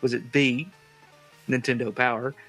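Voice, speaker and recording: A man in a relaxed group chat hosts a trivia game, reading the multiple-choice options at a slow, deliberate pace. His pitch sits in a middle range, and faint music plays underneath. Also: poor audio. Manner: reads quiz options in a slow, drawn-out way. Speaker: podcast host running a trivia quiz. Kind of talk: casual chat.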